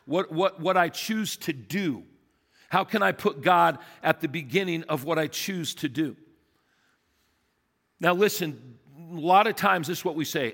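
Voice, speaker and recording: A male pastor preaches a sermon in a church sanctuary, his voice sitting a little high for a man. He talks emphatically and keeps putting questions to his congregation. The sound carries a long reverb from the hall. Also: normal speed, creaky, a bit bright.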